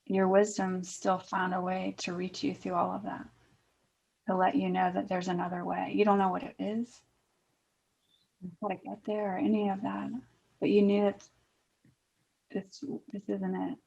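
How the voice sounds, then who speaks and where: A woman's voice: mid-range voice, completely flat delivery, moderate pace, vocal fry, pauses often, a little mellow, husky, lo-fi sound. A woman co-hosting a podcast, responding in an affirming way to her guest. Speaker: podcast co-host. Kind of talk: supportive interview response.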